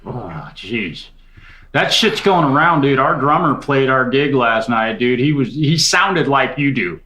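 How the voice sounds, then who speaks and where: A man's voice: mid-range voice, lively intonation, unhurried, pushed and bright. A man hosting a live online guitar jam in a casual, joking way. He laughs often and swears easily. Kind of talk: casual chat. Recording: guitar music playing behind. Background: guitar music.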